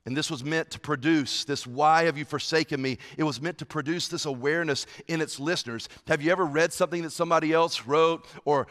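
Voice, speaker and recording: A man preaching a sermon as a pastor, passionate, swinging from hushed tones to loud, driving lines. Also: a little high, fairly quick, hardly any pauses, long reverb tail. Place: church hall.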